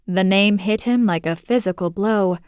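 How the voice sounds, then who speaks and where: On a close studio mic with no room sound, a woman narrates a romantic suspense audiobook. Her mid-range voice is smooth, and her storytelling is measured and steady.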